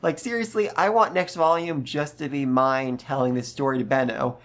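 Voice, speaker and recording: A man hosting a casual, animated book recap who jumps into voices for the characters. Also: medium pitch, moderate pace. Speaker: book review host.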